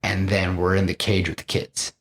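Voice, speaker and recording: Low-voiced man rambling through a pitch. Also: moderate pace. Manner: animated, rambling storytelling with many fillers. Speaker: podcast host. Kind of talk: casual podcast pitch.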